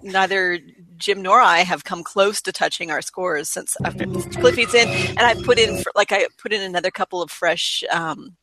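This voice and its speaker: A man's voice: high voice, moderate pace, hardly any pauses, over music, rough recording. A man co-hosting a podcast in casual chat, rambling and laughing often. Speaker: podcast co-host.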